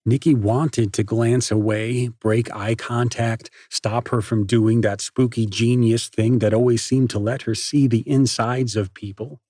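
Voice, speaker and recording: Husky male audiobook narrator. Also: medium pitch, steady tone, unhurried, few pauses, dark tone, dry recording, clean studio sound. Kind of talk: scripted narration.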